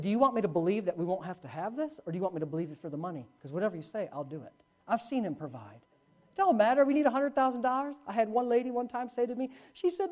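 Preaching pastor, loud to hushed. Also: male voice, high-pitched. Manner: storytelling with wide swings from loud preaching to quiet asides. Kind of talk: sermon.

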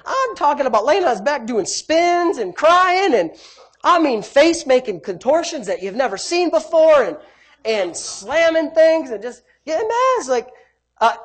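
In a measured, sing-song delivery, this preacher alternates forceful outbursts with hushed, low remarks. His sermon is repetitive, with key phrases stretched long and frequent appeals to the congregation.

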